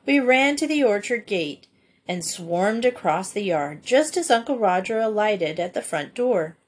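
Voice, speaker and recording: A woman's voice: mid-range voice, expressive, unhurried, breathy edge. Woman reading a storybook aloud. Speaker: audiobook reader. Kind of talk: storybook narration.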